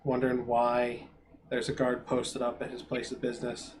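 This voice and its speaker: A man voicing a huge, stubborn town guard who talks in a flat, dutiful way. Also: mid-range voice, normal speed, slight background noise, close to an everyday voice.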